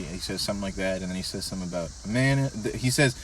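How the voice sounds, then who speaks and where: A young man co-hosting a casual podcast, reviewing songs in a profane, rambling, animated way. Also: deep voice, fast talker, hardly any pauses. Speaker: podcast co-host. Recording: distant mic with faint background noise.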